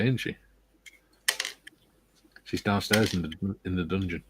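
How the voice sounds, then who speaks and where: A man's voice: low voice, slow pace, long pauses, fairly bright tone, slight background noise, low-quality recording. A man co-hosting a casual model-building livestream, reading out viewer comments and joking. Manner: reads chat comments aloud, jokey. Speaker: livestream co-host.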